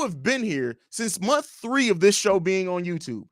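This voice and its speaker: A young man hosting a casual livestream, reading viewer comments aloud and answering them in a blunt, profane, animated way. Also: a little high, normal speed, few pauses, no room sound, clean studio sound. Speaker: livestream host.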